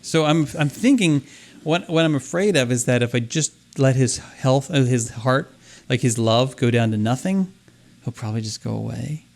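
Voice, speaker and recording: A man's voice: medium pitch, normal speed, gravelly, a little mellow. A man co-hosting a podcast, chatting playfully while he plays a video game and reads its characters aloud. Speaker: podcast co-host. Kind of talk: casual chat while playing a video game.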